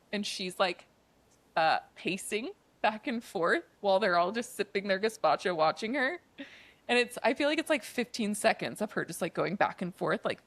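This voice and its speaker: A woman co-hosting a podcast in casual chat. She retells a story in an animated way, says "like" often and acts out the dialogue. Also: mid-range voice, no room sound. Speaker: podcast co-host.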